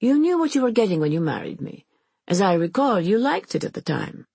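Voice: medium pitch, sing-song, normal speed, vocal fry, a little mellow, husky, no room sound, heavily acted. A storyteller voicing an aristocratic wife who answers in a bored, sardonic way and snaps back when pushed. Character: sharp-tongued aristocratic wife, bored and defiant.

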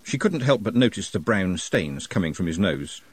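A man narrating an audiobook in an expressive, wry manner, recorded close to the mic. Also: deep voice, moderate pace, slightly rough, no room sound. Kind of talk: scripted narration.

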